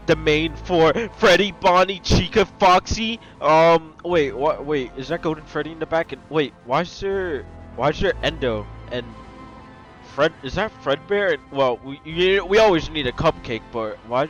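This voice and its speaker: High-pitched dude gushing over a game map, gasps and rambles, soft music behind. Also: male voice, moderate pace, poor audio. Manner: excitable, gasping, rambling with restarts. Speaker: gaming YouTuber. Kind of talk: excited gameplay commentary.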